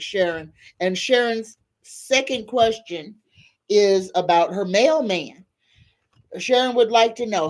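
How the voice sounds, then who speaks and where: A woman's voice: medium pitch, darkish tone. A woman hosting a live tarot reading, who leads prayers and reads viewers' questions aloud in a prayerful way. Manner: slow, prayerful invocations and spoken-aloud questions. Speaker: psychic tarot reader hosting a live stream.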